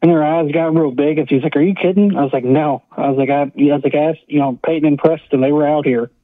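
A man's voice: on the high side, steady tone, fast talker, dry recording. A man, a guest on an interview podcast, telling a ghost story in a rambling, casual way, full of "I was like". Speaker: paranormal investigator guest. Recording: tinny phone-like line.

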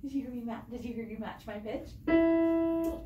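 A woman with a high, bright-pitched voice leads a singing lesson for children, cheering them on and demonstrating notes for them to match. She sounds a little off-mic in a roomy, echoing studio, with loud music playing behind her. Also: normal speed, distant mic, highs cut off. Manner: encouraging, models pitches for the student to copy. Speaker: singing teacher.

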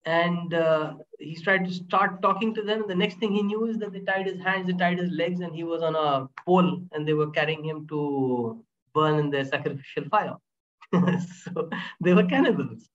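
High-voiced man telling a story. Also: measured pace. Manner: animated, laughs between points. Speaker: guest speaker on inner power. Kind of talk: storytelling interview talk. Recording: dull lo-fi audio.

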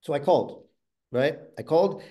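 A middle-aged man giving a motivational storytelling talk, animated and swinging from loud bursts to hushed asides. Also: a little high, moderate pace, highs cut off. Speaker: motivational speaker.

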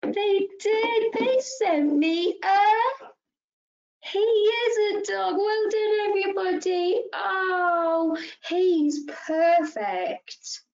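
A woman leading a children's story session, talking to toddlers in an animated sing-song way, gasping with delight and coaxing them to join in. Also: extremely high pitch, drawn-out words, lo-fi sound. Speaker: early years practitioner.

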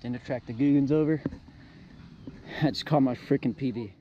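A young man filming himself fishing outdoors, excitedly narrating his catches and repeating exclamations as he reels them in. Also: mid-range voice, moderate pace, dull audio, noisy background. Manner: excitable, repeats exclamations while reeling in fish. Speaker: fishing vlogger. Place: outdoors by the water.

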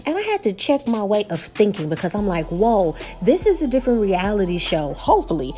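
A woman's voice: medium pitch, big pitch swings, fairly quick, a little mellow, faint music behind. A woman with a Texas accent recapping and reviewing a reality show, chatty and opinionated, talking straight to her viewers. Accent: Texan.

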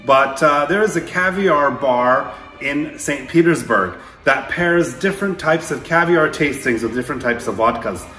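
Chatty, higher-voiced man in an echoey room. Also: normal speed, soft background music. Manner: relaxed, chatty, with frequent filler words. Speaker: cooking channel host. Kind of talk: casual cooking demonstration.

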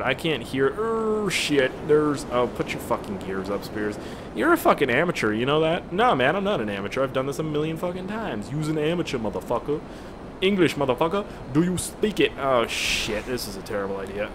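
A young man hosts a gaming channel, giving casual, profane commentary as he plays, rambling and cracking jokes. His voice is medium-pitched, with background noise in the recording.

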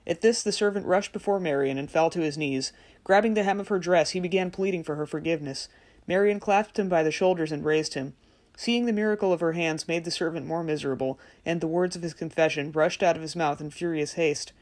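A woman narrating a fairy tale audiobook in a measured, gentle storytelling manner. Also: low-pitched. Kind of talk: scripted narration.

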